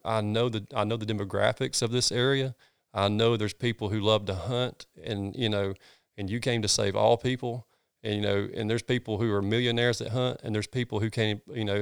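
Earnest Southern pastor telling stories. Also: male voice, on the low side, creaky, clean tone, no room sound, studio quality. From North Georgia, US. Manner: earnest, animated storyteller with folksy sayings. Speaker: pastor, guest. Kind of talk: casual storytelling interview.

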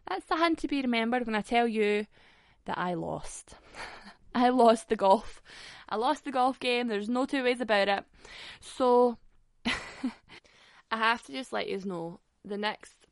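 A young woman with a Scottish accent tells a story with lively, profane energy, often breaking into laughter. Her voice has a gravelly, creaky edge at an average pitch. The recording is dry and close, with no room echo. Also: slow pace, long pauses. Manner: animated, swearing, laughing often. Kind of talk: casual storytelling.

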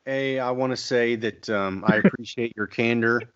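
A man's voice: medium pitch, fairly even intonation, moderate pace, fairly bright tone, clear, resonant tone, dry recording, muffled recording. A man in casual chat who teases his co-host dryly. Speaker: podcast co-host.

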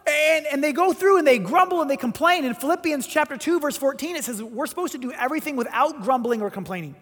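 A man preaching a sermon, telling a story with animated, emphatic delivery and voiced quotes. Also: extremely high pitch, fast, few pauses. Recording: long hall reverb.

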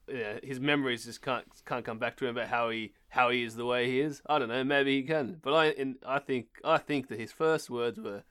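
A man's voice: mid-range voice, fairly bright tone, clean tone. Rambling chatty podcast co-host man. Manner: chatty, rambling, many fillers and back-channel replies. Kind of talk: casual chat.

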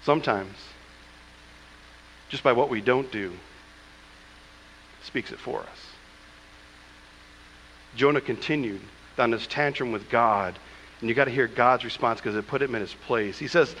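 Male pastor, high and bright, emphatic preaching, long hall reverb. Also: lively intonation, moderate pace, long pauses. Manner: preaching with emphatic asides, acting out quoted scripture. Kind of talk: sermon. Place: church sanctuary.

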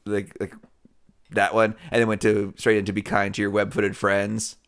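A man's voice: fairly low pitch, monotone, normal speed, fairly bright tone, clear, resonant tone. Man trading jokey asides in chat. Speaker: podcast co-host. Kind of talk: casual chat.

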